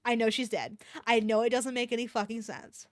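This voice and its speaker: A woman's voice: fairly high pitch, little pitch movement, fairly quick, dry recording, studio quality. A woman streamer reading fan fiction aloud and breaking off for joking, swearing commentary.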